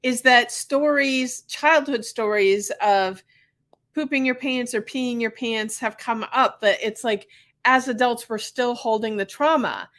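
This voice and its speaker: A woman host talks in easy, chatty conversation, quick and earnest as she shares her own experiences. Her voice sits a little high for a woman. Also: fairly bright tone. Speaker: podcast host, physical therapist. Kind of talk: casual conversation.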